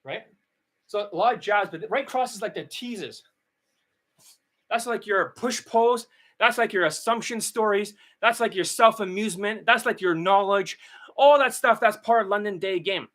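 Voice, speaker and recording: A man's voice: sits high, normal speed, fairly bright tone, dry recording, studio quality. A man ranting as a dating coach, blunt, profane and mocking.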